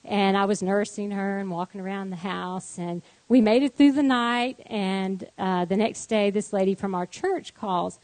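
Woman telling a lively faith testimony. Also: moderate pace, hardly any pauses, no room sound, rough recording. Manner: animated storytelling, voice rising high in acted quotes, laughing. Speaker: guest sharing a testimony.

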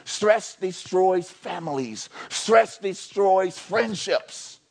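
High-voiced preacher, loud then hushed. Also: male voice, very slow, gravelly. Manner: animated call-and-response preaching, swinging from low and quiet to loud and shouting. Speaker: pastor. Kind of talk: sermon. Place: church service.

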